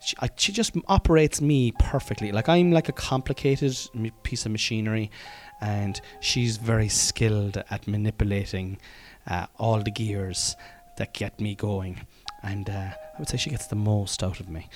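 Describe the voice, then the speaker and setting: On his podcast, a man in his thirties from Cork who works as a comedian keeps up a casual, rambling, self-deprecating monologue, stumbling through fillers and restarts. His voice is on the low side, at a normal speed with hardly any pauses.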